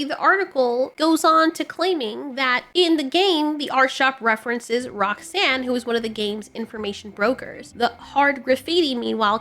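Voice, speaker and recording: Bright, blunt woman commentator. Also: high voice. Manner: blunt and sarcastic. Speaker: video game commentator. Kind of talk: opinionated commentary.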